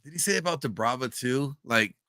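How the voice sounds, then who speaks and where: A man's voice: medium pitch, expressive, sharp tone, no echo, studio quality. A man hosting a live stream, chatting loosely with plenty of fillers and restarts. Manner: loose, halting, many fillers. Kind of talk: casual chat.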